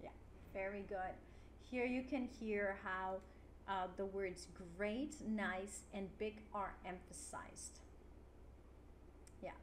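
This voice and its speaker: A woman teaching an English lesson online, clear and encouraging, with frequent "yeah" fillers. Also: mid-range voice, steady tone, slow pace, pauses often. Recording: roomy with faint noise.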